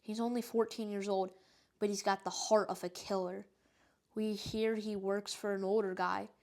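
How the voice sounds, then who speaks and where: A woman voicing a grown male city policeman in a storybook reading, with a blunt, matter-of-fact manner and a flat delivery. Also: medium pitch, normal speed, lightly acted.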